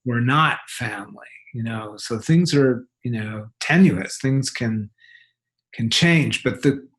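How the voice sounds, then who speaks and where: A man with a mid-range voice who explains slowly and deliberately. He pauses often and picks his words with care. He speaks as a psychologist guest. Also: medium pitch, a bit bright. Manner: deliberate, hesitant phrasing. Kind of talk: measured explanation.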